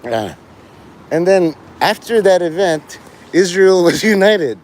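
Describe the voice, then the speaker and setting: A man's voice: high-pitched, expressive, takes it slowly. A man streaming live, rambling through jokes and stories, laughing often and swearing freely.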